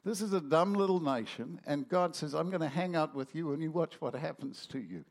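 A man's voice: on the high side, a little fast, gravelly. A man preaching a sermon, telling stories animatedly and acting out the voices in them.

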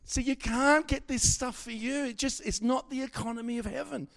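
Middle-aged male preacher, high-pitched, animated sermon delivery with stammered restarts. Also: normal speed, creaky. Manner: animated, swings from loud exhortation to quiet asides, stammering restarts.

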